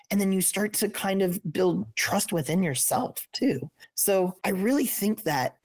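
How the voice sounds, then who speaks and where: A woman's voice: fairly low pitch, expressive, moderate pace, few pauses, husky, no room sound. A woman in her thirties co-hosting a podcast, talking in a thoughtful, reflective way, often restarting sentences and asking questions. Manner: thoughtful, asks many questions; frequent restarts, searching for words. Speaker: podcast co-host.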